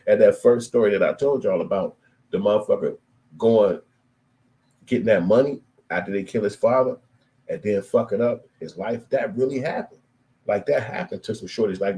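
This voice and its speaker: Animated profane man telling stories. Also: medium pitch, poor audio. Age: 20s to 30s. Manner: animated, profane slang, acts out quoted voices. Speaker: storyteller. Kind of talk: casual street storytelling monologue.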